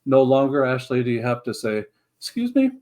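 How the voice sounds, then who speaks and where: A man's voice: medium pitch, fairly even intonation, brisk, darkish tone. Earnest middle-aged man telling his story. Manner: earnest, reflective, with frequent restarts. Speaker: guest. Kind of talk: conversational storytelling.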